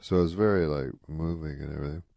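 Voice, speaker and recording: A man guest on a radio show, telling rambling deadpan anecdotes with plenty of "you know". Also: extremely low pitch, quick pace, gravelly, no room sound, studio quality. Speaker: comedian guest. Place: radio studio.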